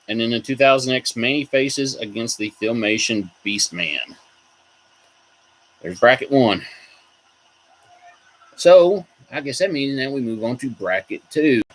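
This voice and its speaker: A man's voice: mid-range voice, poor audio. A man hosting a casual video, rambling about collectible figures and reacting to viewer comments. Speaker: toy collector host. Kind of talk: casual chat.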